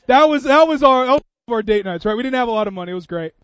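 A man in his thirties preaching a sermon, telling stories with swings from loud bursts to quiet moments. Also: extremely high pitch, very fast, dry recording, highs cut off. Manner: animated storytelling, swings from loud to soft. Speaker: pastor.

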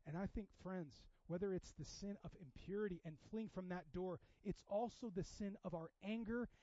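Male pastor, high voice, chatty sermon delivery, loud pushes and hushed asides, dull dry recording. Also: moderate pace, dry recording. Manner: conversational, swinging from loud exhortation to hushed asides.

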